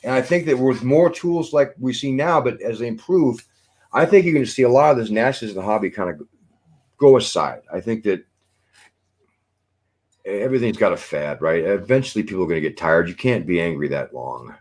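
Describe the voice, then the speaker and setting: A man's voice: lowish voice, animated, a little fast, darkish tone. A man co-hosting a casual chat, talking in long earnest rambles with many fillers. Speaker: podcast co-host.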